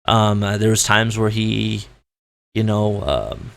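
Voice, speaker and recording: A man ranting as a gaming commentator, with a gritty voice and a loud, blunt, profane way of talking. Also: fairly low pitch, takes it slowly, creaky.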